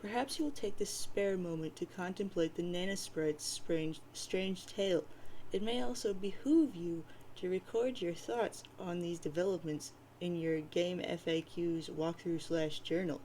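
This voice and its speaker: A woman's voice: lowish voice, unhurried, dark tone, slight background noise, rough recording. A woman casually reading a webcomic aloud, with playful, wry asides. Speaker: reader of a webcomic.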